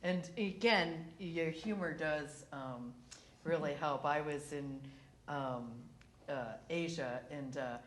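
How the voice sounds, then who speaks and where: Her voice is deep and slow, bouncing around an echoey conference hall. She's a panelist sharing stories from her working life, lively and laughing often as she goes.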